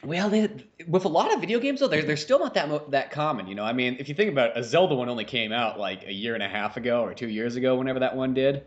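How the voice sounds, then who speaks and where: Man, podcast co-host, casual chat, fast, excitable, profane, muffled lo-fi sound. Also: medium pitch.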